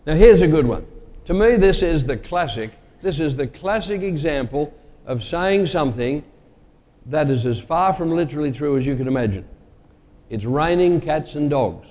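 A man's voice: fairly high pitch, expressive, normal speed, a little mellow, long reverb tail. A male preacher giving a conversational sermon and quizzing his congregation with everyday sayings.

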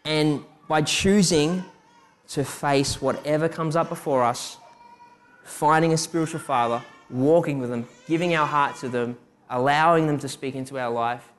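A man's voice: medium pitch, steady tone, moderate pace. A young man preaching a sermon, telling personal stories and asking rhetorical questions. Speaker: preacher giving a testimony.

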